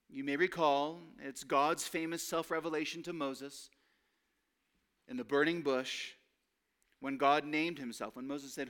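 A man preaching a sermon with earnest emphasis, lifting his voice on key phrases and dropping lower and slower to quote scripture. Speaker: pastor.

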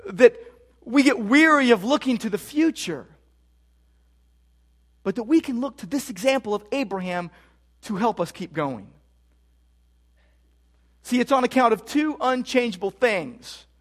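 A man preaching a sermon as pastor, emphatic and repeating key phrases for stress. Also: extremely high pitch. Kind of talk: expository sermon.

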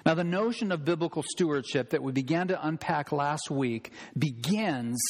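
Man, pastor, emphatic sermon, deliberate stressed phrases, somewhat high voice, reverberant hall.

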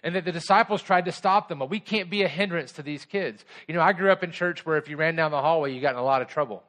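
A man's voice: a little high, fast talker, a bit bright. A middle-aged pastor giving a conversational sermon to children and adults, asking the kids simple questions as he goes.

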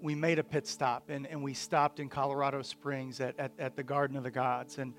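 A man preaching a sermon, earnest, often repeating words and swinging from quiet to emphatic. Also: medium pitch, flat delivery, a little fast, faint music behind. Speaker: pastor.

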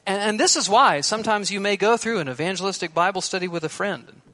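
High, bright-voiced emphatic preacher man. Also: expressive, quick pace. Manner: emphatic, swings from loud to hushed. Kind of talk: expository sermon.

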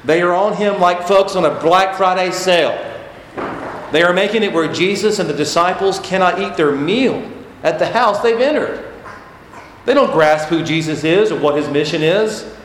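A pastor delivers a sermon in a church sanctuary, emphatically repeating key phrases to drive his points home. His voice is high-pitched, animated and fairly bright, at a moderate pace. The recording has the echo of a church hall with faint noise.

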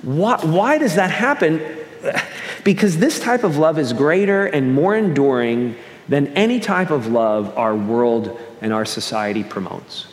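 A man's voice: a little high, animated, unhurried. Pastor guy from the northeast, earnest sermon, lots of "and, and" restarts, roomy church sound. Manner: earnest, with repeated restarts and shifting pace. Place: church sanctuary. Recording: echoey hall with long reverb.

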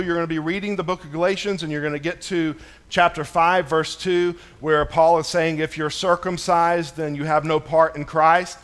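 A man in his thirties preaching a sermon as a pastor, casual and conversational, with many fillers, shifting between soft storytelling and louder emphatic stresses. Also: high voice. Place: church.

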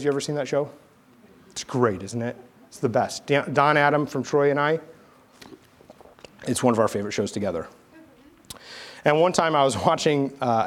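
Animated conversational male pastor preaching. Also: mid-range voice. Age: adult, army veteran. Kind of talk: sermon.

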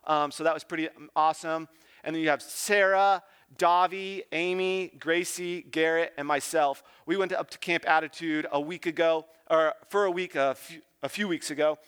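A man's voice: fairly high pitch, steady tone, normal speed, fairly bright tone, clean tone. A man giving a casual sermon as a youth pastor, informal and joking, often asking "right?".

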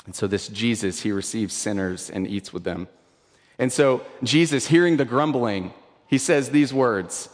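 A man in his thirties preaching a sermon as pastor, conversational, repeating words, moving between intense emphasis and hushed asides. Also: medium pitch, unhurried, big-room sound.

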